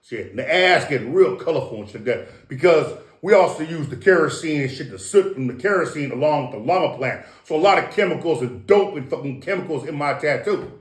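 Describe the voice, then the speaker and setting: A man's voice: a little high, lively intonation, brisk, hardly any pauses. Profane, preachy man in a roomy echo. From Samoan heritage. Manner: profane, preachy, repeats and restarts words. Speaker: guest. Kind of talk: casual rambling monologue.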